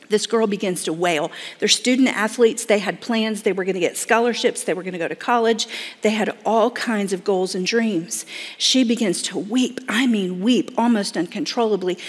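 Woman, dramatic storyteller, acts out quoted voices, middle pitch, long hall reverb. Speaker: speaker telling a story to an audience. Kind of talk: emotional storytelling talk.

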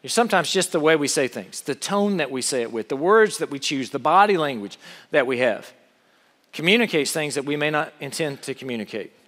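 A man's voice: fairly high pitch, expressive, fairly quick, a bit bright, in a large hall. A man preaching a sermon as pastor, earnest and full of rhetorical questions.

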